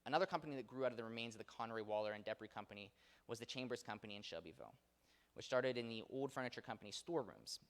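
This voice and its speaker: A man with a mid-range voice talks rapid-fire, giving a conversational local history lecture full of fillers and self-corrections. He's in a theater auditorium, and the recording carries a long hall reverb.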